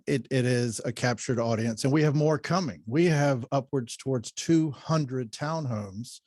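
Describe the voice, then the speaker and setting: A man guesting on a radio show, answering in a measured, fact-heavy way with some fillers. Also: medium pitch, a little mellow, no echo, clean studio sound. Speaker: radio guest, shopping center manager. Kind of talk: radio interview. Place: radio studio.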